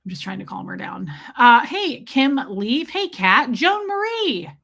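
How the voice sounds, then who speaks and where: A woman's voice: on the high side, very animated, unhurried, creaky, fairly bright tone. A woman hosting a casual livestream, chatting and teasing as she greets viewers one by one. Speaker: livestream host.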